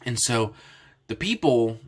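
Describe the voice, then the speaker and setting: A man's voice: medium pitch, animated, takes it slowly, husky. Casual man retelling a Bible story. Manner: casual and explanatory, with many restarts. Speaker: Bible teacher. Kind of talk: Bible story lesson for kids.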